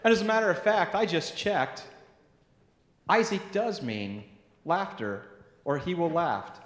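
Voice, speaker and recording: A man with a slightly high voice speaks slowly, his pitch lively and bouncing. His words echo around a large church hall with long reverb. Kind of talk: casual remarks to a congregation. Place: church sanctuary.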